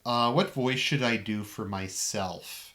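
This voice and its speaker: A man's voice: on the low side, slow, sharp tone. A man streaming a game, trailing off into rambling, self-mocking asides about what voices to do. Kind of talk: casual gaming commentary.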